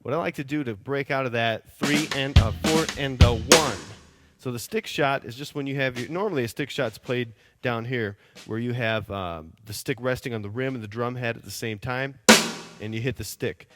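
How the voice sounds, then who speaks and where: Drum instructor, male, calm patient explainer who counts beats aloud, voice sitting under a loud drum kit. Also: medium pitch, moderate pace, music in the background. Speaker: drum teacher. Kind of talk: step-by-step drum lesson. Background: drum kit played loudly.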